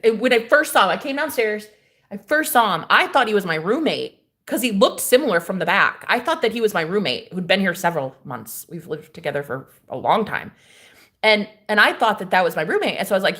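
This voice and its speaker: Animated, cussing young woman vlogger. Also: medium pitch, a little fast. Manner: animated, profane storytelling with slang. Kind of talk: storytime vlog.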